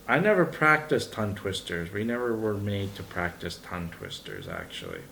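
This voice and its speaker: A young man from Alberta, with a fairly low voice. He teaches auction calling in a relaxed, offhand way and rattles off repeated bid numbers in a rolling chant. Faint background noise sits under the recording. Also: gravelly. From Alberta, Canada. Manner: rapid rhythmic auction chant. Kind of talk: casual tutorial.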